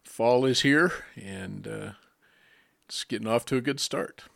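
A man's voice: mid-range voice, unhurried, vocal fry, no room sound, studio quality. A man hosting a community radio show, announcing in a friendly, casual way and reading an underwriting spot. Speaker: radio host.

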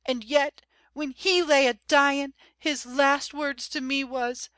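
A man's voice: extremely high pitch, steady tone, takes it slowly, bright, forceful tone, no room sound, voice pushed up, full character voice. A man reading an audiobook voices an old woman servant who scolds and complains fondly. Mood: wistful. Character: old grumbling woman servant, fussy and sentimental. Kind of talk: audiobook character voice.

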